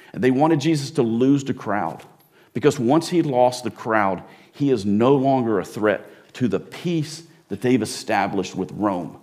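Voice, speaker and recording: A man preaching a sermon, speaking in an animated way with frequent repeats and restarts. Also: lowish voice. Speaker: pastor.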